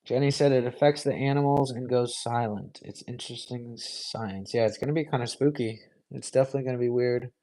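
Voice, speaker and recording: A man's voice: medium pitch, a little fast, warm tone, low-quality recording. A young man hosting a live stream, answering viewer questions in an easygoing, rambling way full of fillers. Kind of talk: casual live Q&A chat.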